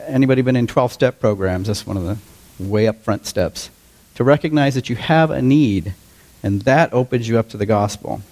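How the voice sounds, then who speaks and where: A man in his fifties preaching a sermon to his congregation in a relaxed, conversational way, often asking them questions. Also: medium pitch, brisk. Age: 50s. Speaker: pastor.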